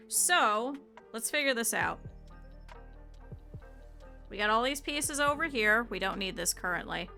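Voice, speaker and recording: This young woman's voice is medium-pitched, creaky, bright and forceful. She's live-streaming as she sketches a sewing pattern, talking casually to her viewers, thinking aloud and answering the chat while crafting.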